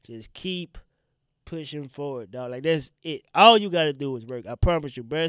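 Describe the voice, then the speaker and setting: A congested young man hosts his own podcast, speaking straight to his listeners in loose, animated slang. His voice sits a bit high and stays smooth despite the strain in his throat. The recording is dry and close, with no room sound. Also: moderate pace, dry recording. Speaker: podcast host. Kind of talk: casual solo podcast talk.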